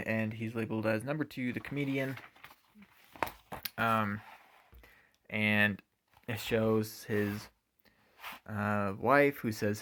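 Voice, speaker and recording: A man talks through a comic book issue in a casual review. His voice sits a bit low, and he pauses often with ums and uhs. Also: fairly even intonation, fairly bright tone. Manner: hesitant, many ums and uhs.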